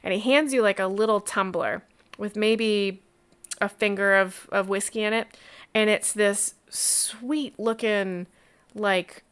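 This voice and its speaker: A woman game master narrating a tabletop game in a lively, rambling way with many fillers. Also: medium pitch, slow pace, clean tone.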